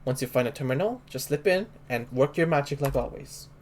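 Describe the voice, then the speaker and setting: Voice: mid-range voice, lively intonation, a little fast, a little mellow, slight background noise, lightly acted. A let's play host reading the lines of a chatty contact character who rambles, in nearly their own voice.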